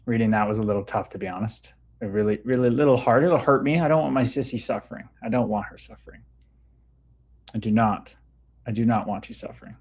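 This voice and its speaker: Hosting a relaxed livestream on spirituality, a man reads viewers' comments and greets each by name. His voice is lowish and a little mellow, and he talks at a quick pace.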